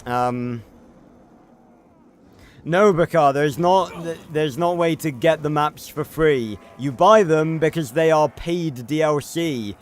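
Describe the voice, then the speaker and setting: A man's voice: a little high, takes it slowly. A young British man streaming a game, chatting in a rambling, self-correcting way as he reads the chat. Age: young adult. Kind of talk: casual livestream chat.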